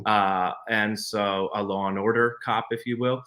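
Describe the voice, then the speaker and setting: A male actor guest chatting softly and reflectively on a video call. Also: on the low side, steady tone, unhurried, hardly any pauses. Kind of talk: casual interview chat.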